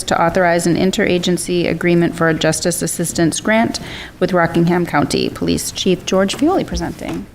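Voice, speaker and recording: A woman chairs a town council meeting. She reads out agenda items and calls the vote in a brisk, procedural way. Clear background noise runs under her voice. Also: lowish voice. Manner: brisk, procedural roll-call reading.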